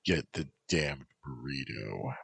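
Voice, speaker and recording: A man's voice: sits low, lively intonation, takes it slowly, no echo, heavily acted. A man voicing a bossy, tough young female soldier who gives orders and teases. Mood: firm. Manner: commanding, teasing.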